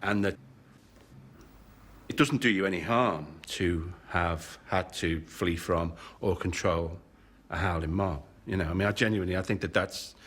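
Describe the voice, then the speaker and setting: Low, husky man musing on comedy. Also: a bit bright. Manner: reflective, hedging with "you know", bursts into sound effects. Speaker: comedian guest. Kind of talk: reflective interview chat.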